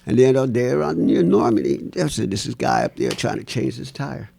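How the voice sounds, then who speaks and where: A man telling stories as an interview guest, animated and laughing, acting out the voices of people in his stories. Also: mid-range voice, moderate pace, creaky, husky. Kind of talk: storytelling in a casual interview.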